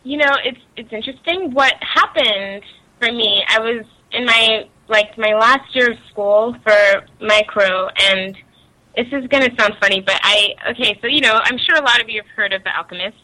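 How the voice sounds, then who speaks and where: A woman's voice: fairly high pitch, moderate pace, bright, forceful tone, rough recording. A young woman from Nigeria, chatting casually as an interview guest, laughing often and using many fillers.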